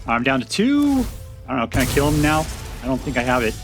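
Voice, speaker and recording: A man giving casual, chatty commentary on a card game he is playing, thinking out loud with restarts and bursts of excitement. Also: medium pitch, fast, over music. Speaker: game streamer. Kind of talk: casual gameplay commentary and deck review.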